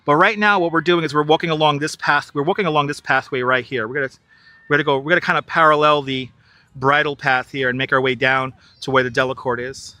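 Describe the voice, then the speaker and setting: New guy live-streaming a park walk, chatty, super bright voice, dry close clip mic. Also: a little high, fairly even intonation, quick pace, no echo. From New York. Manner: chatty, reads out viewer chat, laughs easily. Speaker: live-streaming tour guide. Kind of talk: casual live-stream walking tour. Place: outdoors in a large city park. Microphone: wireless clip-on mic.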